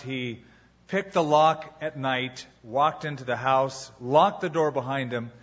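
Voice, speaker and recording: A man preaching a sermon as pastor, telling a story with dramatic pauses before moving into his teaching. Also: a little high, a bit bright, lo-fi sound.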